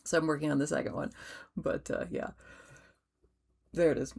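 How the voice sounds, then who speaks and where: Low-voiced, gravelly woman vlogger. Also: steady tone, moderate pace. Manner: chatty, gentle, with soft fillers and restarts; yawns while talking. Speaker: cross-stitch designer and vlog host. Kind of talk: casual show-and-tell vlog.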